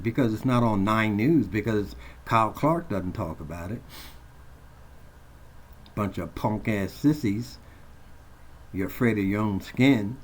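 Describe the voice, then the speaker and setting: Angry low-voiced man ranting. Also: measured pace, long pauses. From Colorado. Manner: profane, heated, confrontational. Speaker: vlogger. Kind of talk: angry rant to camera. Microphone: phone camera.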